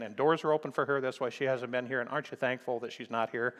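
An older American pastor from Nebraska, preaching a folksy sermon full of stories, often asking "okay?" and "amen?" and clearing his throat. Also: mid-range voice, brisk, fairly bright tone, big-room sound. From Nebraska, USA. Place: church sanctuary.

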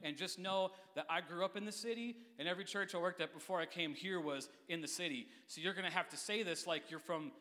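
A man preaching a sermon as a youth pastor in a church, with a quick, playful, energetic delivery. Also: high-pitched. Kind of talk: lively sermon. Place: church sanctuary. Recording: long church reverb.

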